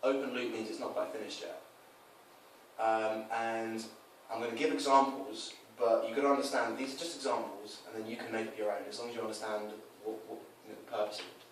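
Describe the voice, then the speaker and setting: Brisk and lowish, this dating coach's voice carries a casual explanation of his approach. He animatedly switches voices to act out the lines he quotes. The sound is echoey and distant, with a little noise.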